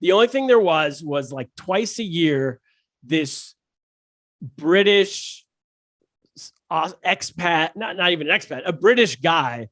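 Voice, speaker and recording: A man, a stand-up comedian, telling animated, jokey stories as a podcast guest, with many restarts. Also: fairly high pitch, slow pace, long pauses, no echo, clean studio sound. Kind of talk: casual podcast storytelling.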